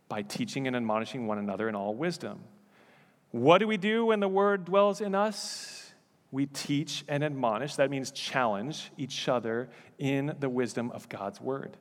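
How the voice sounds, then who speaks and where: A man's voice: a little high, big-room sound. A male pastor preaching a sermon in a church, conversational with joking asides. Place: church sanctuary.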